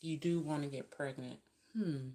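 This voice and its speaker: Woman, low voice, chatty live-stream tarot reader with emphatic spiritual asides. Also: steady tone, moderate pace, mellow.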